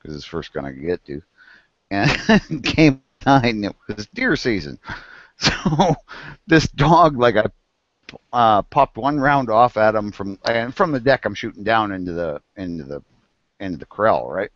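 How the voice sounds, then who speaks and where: A man in casual chat who tells farm and hunting stories. He laughs often and acts out the animals and people in them. His pitch swings widely and the sound is dry and muffled. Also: sing-song, normal speed, fairly bright tone, no echo.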